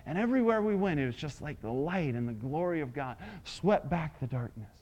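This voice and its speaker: A male preacher telling a story in a sermon, swinging dramatically between hushed and loud. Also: on the high side, lively intonation, a little fast.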